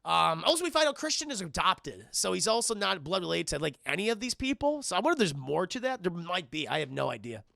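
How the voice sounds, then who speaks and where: Male streamer with a bright, dry, close-mic sound, swearing his way through a loose plot recap. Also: sits high, sing-song, fast, vocal fry, few pauses, dry recording. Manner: profane, rambling, keeps addressing chat. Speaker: film reviewer streaming to chat. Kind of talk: casual spoiler recap to live chat.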